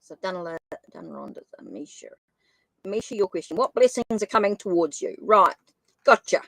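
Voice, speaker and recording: A woman's voice: mid-range voice, wildly swooping pitch, normal speed, fairly bright tone, no echo, low-quality recording. A woman hosting a live tarot reading stream, apologizing and thinking aloud as she types up viewers' names in a casual chat. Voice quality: says she has a funny accent.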